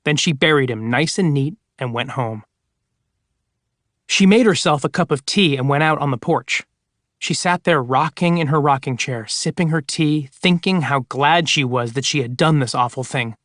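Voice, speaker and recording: A man's voice: on the high side, moderate pace, a bit bright, no room sound, clean studio sound. A man narrating an audiobook of scary stories with dramatic storytelling. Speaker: audiobook reader.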